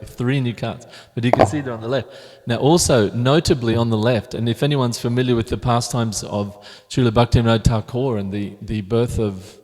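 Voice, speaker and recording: Guy giving a temple class, chatty, trips over his words a lot, mid-pitched, lots of hall echo. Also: a little mellow. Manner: conversational, many restarts, reflective. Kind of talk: scripture class talk with slides. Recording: long hall reverb.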